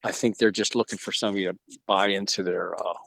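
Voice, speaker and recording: This Georgia, USA museum owner, middle-aged, talks fast in a low, fairly bright voice with vocal fry and fairly even intonation. As an interview guest on a video call, he tells a story casually, acting out voices with many restarts, and there's no echo.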